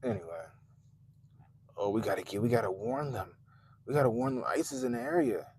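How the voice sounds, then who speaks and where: Gravelly, profane man ranting. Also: fairly low pitch, brisk. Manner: animated, profane, mocking, with sudden loud jumps and muttered asides. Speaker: commentary channel host. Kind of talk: profane political commentary rant.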